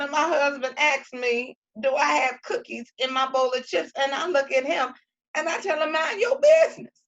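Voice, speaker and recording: A woman talking casually to viewers about faith and feelings, acting out her own quotes in an animated way. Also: a little high, highs cut off.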